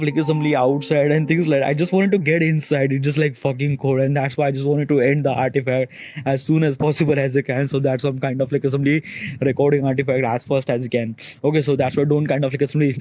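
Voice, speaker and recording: A man vlogging alone outdoors on a rooftop on a cold morning. He rambles fast with heavy fillers and keeps telling himself to slow down. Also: medium pitch, fairly even intonation, a little mellow. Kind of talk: rambling solo monologue.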